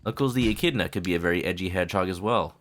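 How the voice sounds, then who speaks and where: A man's voice: low-pitched, racing, a bit bright. Rambling, joking male game streamer. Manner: rambling, joking, self-interrupting. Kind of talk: casual live-stream commentary.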